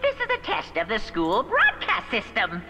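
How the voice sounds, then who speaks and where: A woman's voice: a little high, wildly swooping pitch, normal speed, music in the background. A woman voicing a playful, sing-song school announcer in a video game. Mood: gleeful.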